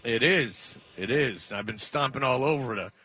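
A man's voice: medium pitch, expressive, normal speed, bright, forceful tone, husky, no echo. A man hosting a sports radio show from media row at a convention center, joking in a playful way. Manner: jokey, playful. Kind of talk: casual sports radio chat.

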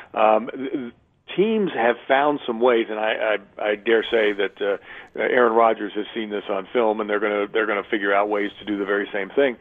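A man, a radio play-by-play announcer, talking through a phone-in radio interview in a chatty, thorough way, restarting often. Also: on the low side. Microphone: telephone. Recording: tinny phone line.

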